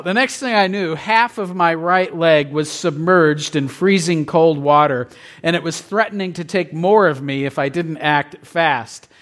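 A man's voice: on the high side, fairly bright tone. A middle-aged man preaching as a pastor, telling a story casually and asking the congregation questions. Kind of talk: conversational sermon.

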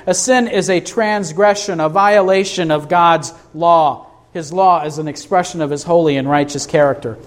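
Guy preaching in church, fairly high voice, keeps asking the room questions. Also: moderate pace, hardly any pauses. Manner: emphatic preaching, rhetorical questions to the congregation. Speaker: pastor. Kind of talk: sermon. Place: church sanctuary with a congregation.

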